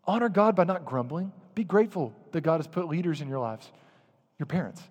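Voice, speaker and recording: High-voiced pastor preaching in a reverberant hall. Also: male voice, fairly quick, slightly rough. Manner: animated, acts out grumbling voices. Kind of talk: sermon.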